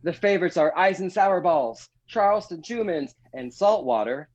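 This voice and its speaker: A man hosting a comedy panel game. He chuckles often, keeps an upbeat tone and reads each question out slowly. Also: high-pitched, lively intonation, darkish tone, dull audio. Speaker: game show host.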